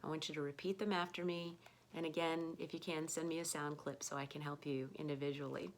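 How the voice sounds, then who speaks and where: An American woman giving an online pronunciation lesson, speaking slowly and patiently, repeating words for learners to copy. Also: sits low, steady tone. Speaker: English pronunciation teacher.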